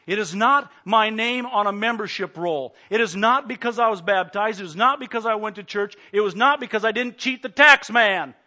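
A man preaching a sermon as pastor, fervent, swinging between loud urging and quiet pleading. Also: high voice, moderate pace, few pauses, highs cut off. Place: church.

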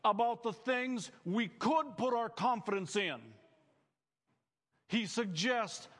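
Male pastor, sermon, earnest emphatic delivery, high voice, long hall reverb. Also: slow, a bit bright. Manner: earnest preaching with rising emphatic phrases.

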